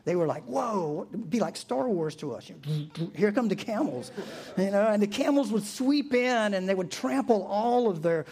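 A man's voice: high-pitched, moderate pace, few pauses. A man preaching a sermon in a casual, storytelling manner. He acts out voices for the characters as he goes and often breaks into a chuckle. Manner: animated storytelling, acting out quotes, chuckling. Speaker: pastor.

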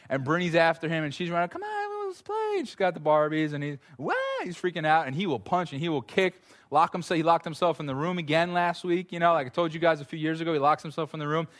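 A pastor in his thirties preaches a sermon with a highish voice, speaking quickly with hardly any pauses. He tells stories animatedly and repeats words as he builds toward a point.

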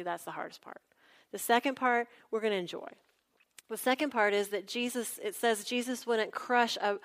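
Woman, pastor, conversational sermon, animated storytelling. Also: medium pitch.

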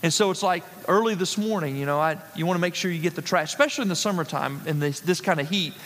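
A man delivers a sermon from the pulpit in a notably high voice. He stresses his points by repeating them, and his words ring out through a church with a long, lingering echo. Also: fast, a bit bright. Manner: emphatic, repeats key phrases for stress. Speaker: pastor. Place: church sanctuary.

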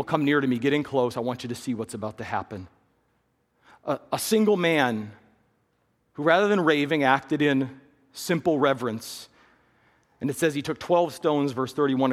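A man pastor preaching a sermon, dropping to hushed low lines and rising into loud, raised bursts. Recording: long hall reverb.

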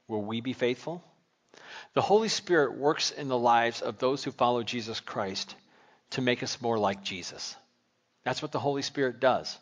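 A male pastor preaching a sermon, telling a story and asking searching questions in an earnest way. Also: mid-range voice.

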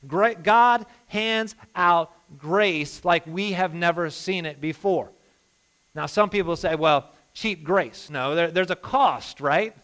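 A man preaching a sermon as a pastor, impassioned, moving between hushed and emphatic delivery. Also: sits high, a little slow.

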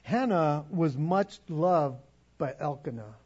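A man's voice: on the high side, expressive, slow, darkish tone, slightly rough, lo-fi sound. A man preaching a sermon in a conversational way, with acted-out asides.

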